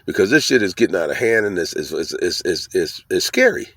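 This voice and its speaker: Animated, profane man telling a story. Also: low-pitched, brisk, dry recording. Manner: animated, profane, repeats "right?" and "you know what I'm saying?". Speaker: vlogger. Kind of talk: casual storytelling to camera.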